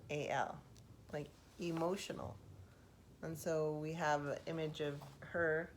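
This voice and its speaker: Slow, low-voiced soft-spoken woman. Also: level tone, slight background noise. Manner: reflective, thinking aloud with pauses. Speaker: host. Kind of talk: soft-spoken ASMR poetry analysis.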